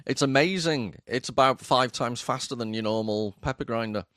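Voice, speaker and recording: A man's voice: medium pitch, normal speed, a bit bright, dry recording, studio quality. A man co-hosting a casual chat in a wry, matter-of-fact way. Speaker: podcast co-host.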